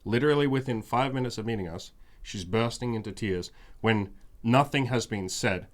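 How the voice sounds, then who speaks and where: A man's voice: mid-range voice, moderate pace. A man hosting a podcast, telling a story in casual chat, frank and emphatic, repeating phrases for effect. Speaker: podcast host.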